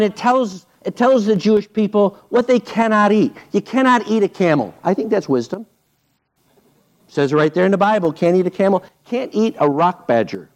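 A man preaching a sermon, telling the story playfully and swinging between loud bursts and hushed asides. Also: high voice. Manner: animated, playful storytelling with sudden loud and quiet turns. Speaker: pastor.

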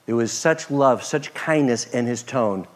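A man preaching a sermon, expressive, moving between loud emphasis and soft, hushed passages. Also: medium pitch, a little slow. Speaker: pastor.

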